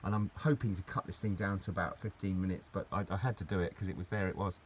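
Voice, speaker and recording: A man's voice: low-pitched, fairly even intonation, fast talker, slight background noise. A middle-aged man, chatting casually as he opens parcels, gushing and rambling with lots of repeats. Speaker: collector vlogger opening parcels. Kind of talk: casual unboxing chat.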